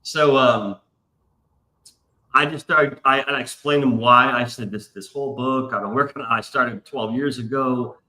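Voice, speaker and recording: A man hosts a casual live stream, swearing freely as he rambles through a long story. His voice is bright and forward. The room gives it a noticeable echo. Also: medium pitch, moderate pace. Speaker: stream host. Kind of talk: casual chat.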